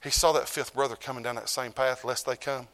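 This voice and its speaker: A middle-aged man, preaching a sermon as pastor. He swings from loud declarations to low, hushed lines. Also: fairly even intonation, brisk.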